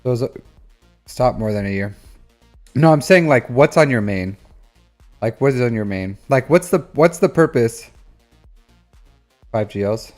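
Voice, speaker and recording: A man in his thirties hosts a live stream reviewing game accounts, chatting casually and teasing viewers in a rambling, jokey way. His voice is medium-pitched and expressive, with a measured pace, long pauses, and soft background music.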